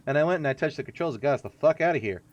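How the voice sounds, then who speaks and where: A man's voice: fairly high pitch, lively intonation, racing, no echo. Guy streaming a game, jokey and rambly, lots of ups and downs in his voice. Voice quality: rambling, jokey, self-mocking. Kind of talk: casual let's-play commentary.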